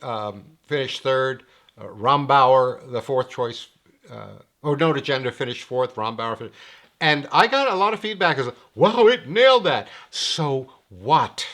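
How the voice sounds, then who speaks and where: Middle-aged male teacher, wry and lecturing, mid pitch, energetic emphasis. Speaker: handicapping teacher. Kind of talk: screen-share explainer monologue.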